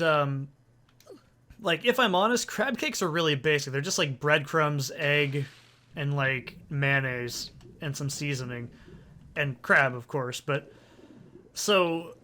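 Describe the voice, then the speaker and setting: A young man hosting a let's play tells a long, rambling story packed with swearing as he plays, in casual gameplay commentary. His voice is a little high, pushed and bright. He records in a soundproofed home corner on a desk condenser mic with a pop filter.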